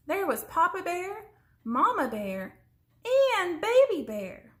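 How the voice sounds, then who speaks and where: A woman reading a children's story aloud in an expressive way, slowing down for suspense. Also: high voice. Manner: expressive, slows down for suspense, sometimes drops to a whisper.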